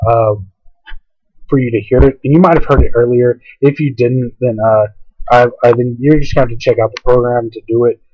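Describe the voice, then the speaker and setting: A man casually explaining software in a tutorial, rambling with many fillers, recorded at home on a laptop. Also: mid-range voice, steady tone, brisk, no echo, muffled recording. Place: home, by a window. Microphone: laptop mic.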